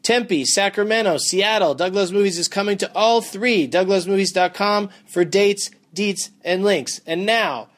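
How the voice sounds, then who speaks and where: A podcast host reading show plugs in a dry, deadpan way, trailing off flatly. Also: male voice, sits high, a little slow, few pauses.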